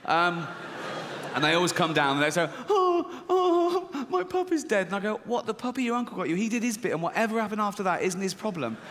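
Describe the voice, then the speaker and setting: A middle-aged man doing stand-up comedy, deadpan and swearing, acting out squeaky voices in a theater. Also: fast talker, in a large hall, slight background noise. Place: large theater with audience. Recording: live theater, audience laughter.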